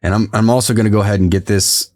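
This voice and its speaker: A man's voice: fairly low pitch, steady tone, racing, a little mellow, no echo, clean studio sound. A man co-hosting a podcast, recapping a TV episode in casual, rambling chat and laughing easily. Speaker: podcast co-host.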